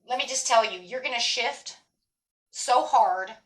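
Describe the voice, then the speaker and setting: A woman's voice: fairly high pitch, a little fast, a bit bright, rough recording. A woman giving a tarot reading in a blunt, emphatic way, swearing freely as she talks straight to her viewers. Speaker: tarot reader.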